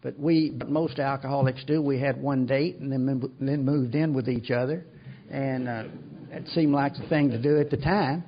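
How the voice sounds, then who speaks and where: A man's voice: mid-range voice, fairly even intonation, normal speed. An older man speaking at a recovery meeting, telling his story in a rambling, self-deprecating way with many restarts. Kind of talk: recovery talk to an audience. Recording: dull lo-fi recording.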